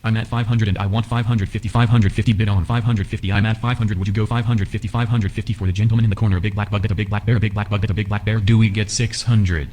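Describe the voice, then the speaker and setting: A synthetic text-to-speech male voice playing an auctioneer calling bids in a fast rhythmic chant. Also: fairly low pitch, fairly even intonation, darkish tone.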